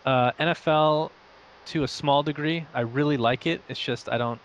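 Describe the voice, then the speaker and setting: A man's voice: on the high side, normal speed, dull audio, slight background noise. Rambling, self-mocking young man. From Saudi Arabia and the United States. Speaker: interview guest, esports caster. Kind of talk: casual interview chat.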